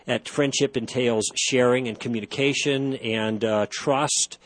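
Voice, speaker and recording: A man's voice: mid-range voice, fairly even intonation, a little slow. A man hosting a call-in radio talk show, explaining ideas thoughtfully with frequent restarts.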